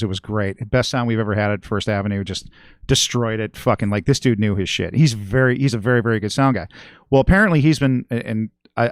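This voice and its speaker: A middle-aged man tells a rambling, profanity-laden story into a close studio mic. His voice has a smooth, resonant tone at a mid pitch. The room sound is dry and tight. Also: no echo. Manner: profane, rambling, swears constantly. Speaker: guest musician and regular. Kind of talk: casual podcast storytelling.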